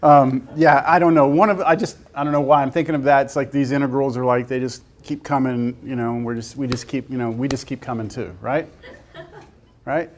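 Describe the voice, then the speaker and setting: A man's voice: mid-range voice, steady tone, brisk, a little hiss or hum. A man teaching a calculus class, talking casually and joking as he works through problems aloud. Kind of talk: classroom lecture.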